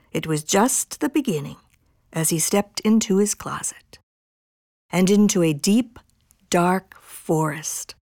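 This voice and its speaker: A woman reading a children's picture book aloud in an expressive, bouncy storytelling manner. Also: medium pitch, no room sound, studio quality. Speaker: storybook reader.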